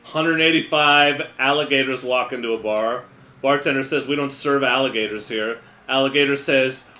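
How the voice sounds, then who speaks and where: A man streaming live and improvising rambling comic stories and pun jokes in a deadpan way. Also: medium pitch, brisk, roomy sound. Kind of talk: improvised comedy.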